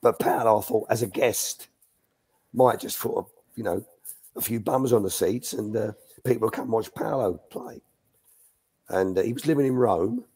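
Here an older ex-youth coach, appearing as a guest at a live Q&A, spins anecdotes in a lowish, warm, husky voice at normal speed. His manner is chatty, with restarted sentences and quotes he acts out.

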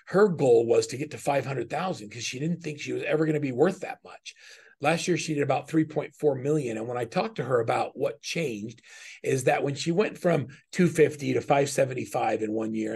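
A man's voice: mid-range voice, vocal fry, darkish tone, slightly rough. A middle-aged man speaking as a business coach in a webinar, teaching earnestly and conversationally through personal stories, often restarting his sentences.

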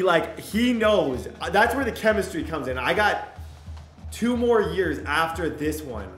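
A young man giving excitable commentary while playing a football video game, often bursting into loud shouts over big plays. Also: fairly high pitch. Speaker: gaming YouTuber. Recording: echoey room with game music behind.

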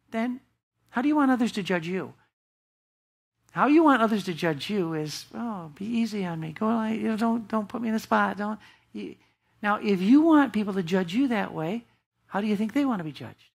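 Woman pastor, mid-pitched voice, emphatic preaching style, quizzes the congregation. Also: slightly rough. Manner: emphatic, with rhetorical questions to the congregation. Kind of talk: sermon. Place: church.

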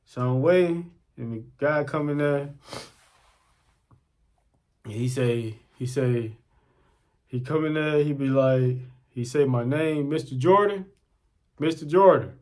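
A man's voice: mid-range voice, slow, long pauses. A young man telling a personal story in casual, slangy talk, often repeating his phrases. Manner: animated, slangy, repeats himself.

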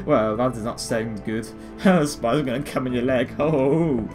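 A British man in his late teens hosts a gaming video, rambling and poking fun at himself as he comments on gameplay. His medium-pitched voice moves at a measured pace with hardly any pauses, and music plays underneath.

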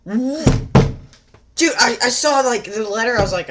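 A young woman hosting a gaming channel, reacting live to a game presentation, swinging between hushed muttering and shrieking outbursts. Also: fairly high pitch, animated, normal speed, pauses often, slight background noise.

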